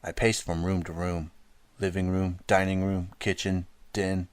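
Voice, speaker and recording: A man narrating an audiobook in a steady first-person storytelling manner, close to the mic. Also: deep voice, unhurried, no room sound. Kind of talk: scripted narration.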